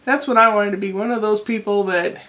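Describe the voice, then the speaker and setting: A woman's voice: medium pitch, steady tone, brisk, fairly bright tone. A middle-aged American woman talking casually to her camera at home, rambling from one thought to the next with self-deprecating asides. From United States. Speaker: vlogger. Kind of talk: casual rambling vlog monologue. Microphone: camera microphone.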